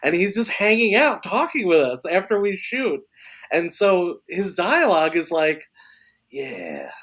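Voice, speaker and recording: An excitable man with a slightly high voice tells a story as a podcast guest. He is animated and breaks into laughter between lines, with the quick, loose energy of someone who loves his own anecdote. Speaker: actor and filmmaker guest.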